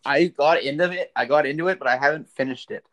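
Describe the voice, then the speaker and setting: A Canadian man as a guest on a casual podcast, telling stories in an animated, upbeat way. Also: on the high side, fast. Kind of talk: casual chat.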